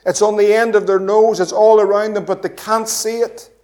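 A man preaching an impassioned evangelistic sermon, asking rhetorical questions and swinging between loud and hushed delivery. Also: high-pitched, flat delivery, normal speed. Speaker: pastor.

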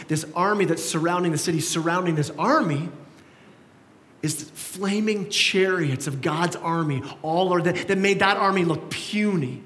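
Animated high-voiced male preacher in a church hall. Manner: animated, acts out quoted voices with rising emphasis. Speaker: pastor. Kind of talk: sermon. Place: church sanctuary.

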